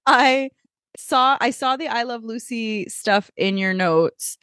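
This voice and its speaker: A podcast co-host chats casually, telling animated stories and laughing often. Her voice sits on the high side and moves slowly, recorded cleanly in a studio with no room sound.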